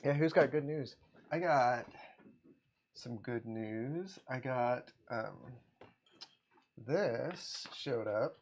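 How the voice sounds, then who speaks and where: A man hosts a relaxed livestream, greeting viewers by name and chuckling as he talks. His voice is gravelly and sits at an ordinary pitch. The audio sounds dull and lo-fi. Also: extremely slow, long pauses, a little hiss or hum. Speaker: livestream host, comic artist. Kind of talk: casual livestream chat.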